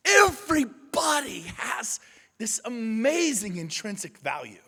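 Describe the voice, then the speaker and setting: Male conference speaker, shouting and emphatic, bright tense tone, lively swings. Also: very high voice, moderate pace, slightly rough, in a large hall. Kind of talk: motivational speech. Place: large conference room.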